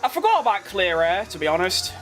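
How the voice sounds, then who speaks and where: A man giving live commentary over his racing game, excitable and quick to shout at close calls, with casual swearing. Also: sits high, slight background noise. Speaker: gaming creator.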